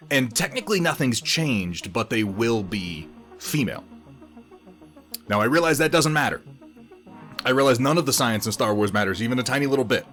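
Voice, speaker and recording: A man's voice: lowish voice, a bit bright. A man hosting a casual livestream while painting miniatures, rambling, laughing often and swearing freely.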